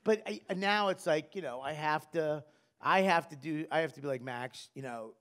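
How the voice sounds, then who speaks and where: A middle-aged man in casual comedic chat, telling animated, profane stories. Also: fairly high pitch, fairly quick.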